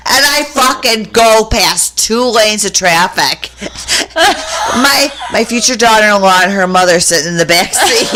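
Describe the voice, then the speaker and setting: A middle-aged woman telling a story on a podcast, acting out both sides of the dialogue and breaking into loud laughing shrieks. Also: medium pitch, expressive, measured pace, noisy background. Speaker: podcast co-host. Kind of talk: casual storytelling chat.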